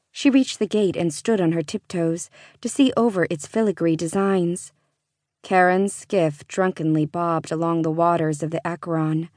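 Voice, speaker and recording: A woman narrating a fantasy audiobook in a measured, even reading. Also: fairly low pitch, dry recording, clean studio sound. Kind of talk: scripted narration.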